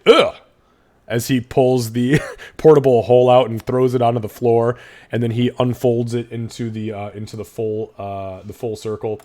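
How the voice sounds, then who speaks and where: A man's voice: lowish voice, dark tone. A man running a tabletop game as game master, loose and thinking aloud as he narrates and does the sums.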